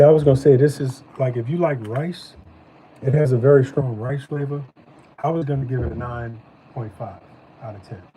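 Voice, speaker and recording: A man hosting a live stream, chatting casually as he reviews snacks, animated and slangy. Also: mid-range voice, a little hiss or hum, low-quality recording. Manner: animated, loose slangy talk.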